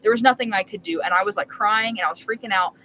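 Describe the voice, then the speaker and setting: A woman's voice: medium pitch, fast, sharp tone, slight background noise, low-quality recording. A young woman streaming live from her RV while making dinner, telling a long story in a rambling, emphatic way full of filler words. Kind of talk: casual storytelling chat.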